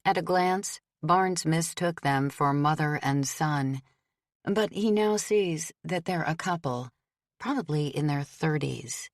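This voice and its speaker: A woman reading a novel aloud as an audiobook narrator, in a measured, steady way. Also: deep voice, no room sound, clean studio sound. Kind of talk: scripted narration.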